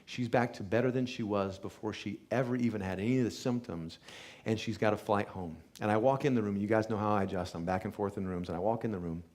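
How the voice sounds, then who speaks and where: A man's voice: on the low side, fast talker, darkish tone. A man, a chiropractor, earnestly telling a patient's healing story to a live audience and acting out what people said. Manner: earnest testimonial storytelling, acts out quoted speech.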